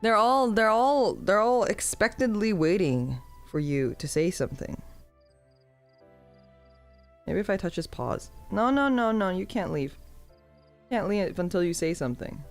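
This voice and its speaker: A woman's voice: medium pitch, expressive, measured pace, pauses often, soft background music. A woman streamer chatting casually and playfully to her viewers and cooing baby talk to her cat.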